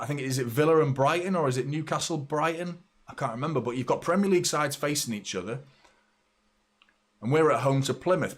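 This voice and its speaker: A man hosting a live football watchalong, chatting casually and reacting excitably, swearing freely. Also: medium pitch. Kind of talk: live match commentary and casual chat.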